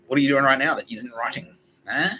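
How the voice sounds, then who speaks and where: A man voicing a pushy female writing coach who badgers loudly in a comedy podcast. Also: medium pitch, brisk, soft background music, voice pushed up, close to an everyday voice, poor audio. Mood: badgering. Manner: loud, badgering, questioning.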